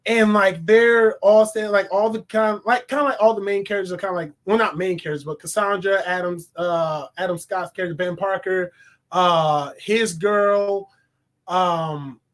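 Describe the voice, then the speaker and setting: A man giving a casual, animated movie review, laughing often and talking in loose slang. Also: sits high, normal speed. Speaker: film reviewer.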